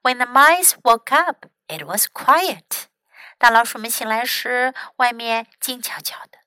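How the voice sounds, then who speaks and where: A woman teacher narrates a children's story in a clear, patient, teacherly way. Her voice is high and bright, her pace slow. The sound is dry and close. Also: dry recording, low-quality recording. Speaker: English teacher.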